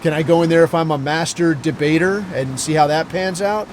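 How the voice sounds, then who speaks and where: Man, podcast host, crude rambling monologue, heavy swearing, deadpan, somewhat high-pitched, faint street noise. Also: a little fast. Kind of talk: profane casual storytelling monologue.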